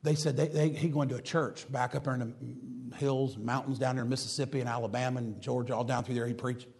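A man's voice: mid-range voice, steady tone, a little fast, gravelly. A man preaching a fervent, repetitive sermon and reading scripture aloud. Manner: fervent, repetitive, builds to loud emphatic preaching; reads scripture in old-fashioned wording.

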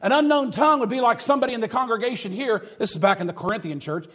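Man, preacher, husky voice, folksy mocking sermon. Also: very high-pitched, rapid-fire, fairly bright tone. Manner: folksy, mocking, preaching with rising and falling intensity.

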